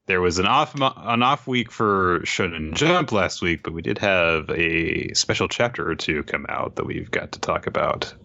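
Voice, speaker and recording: A man co-hosting a casual manga discussion, measured and steering the conversation with an occasional chuckle. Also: sits low, animated, creaky, bright, forceful tone. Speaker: podcast co-host. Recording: dull lo-fi mic.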